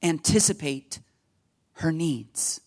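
A man's voice: fairly high pitch, expressive, takes it slowly, a little mellow, exaggerated voice. A man putting on a poor British accent to voice an earnest male Christian friend from England. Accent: put-on British, done badly.

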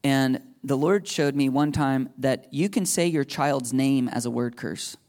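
A man's voice: mid-range voice, measured pace, darkish tone. A man preaching a sermon to a live congregation in a loose, conversational way, joking and laughing at himself between points.

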